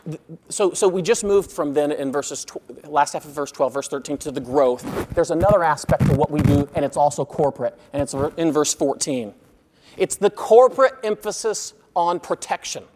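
A man preaching an expository sermon as pastor, earnest, growing loud when reading scripture and quiet on asides. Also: on the high side, expressive, normal speed, in a large hall.

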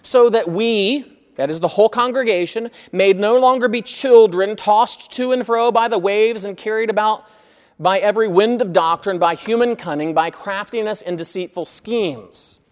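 A man preaching an expository sermon as pastor, earnest, growing loud when reading scripture and quiet on asides. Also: high voice, moderate pace, big-room sound.

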